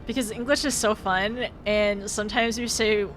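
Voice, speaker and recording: A woman's voice: medium pitch, steady tone, normal speed, a bit bright, soft background music. A woman livestreaming a game, chatting casually with viewers, giggling often and tripping over her words. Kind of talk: casual live-stream chat while gaming.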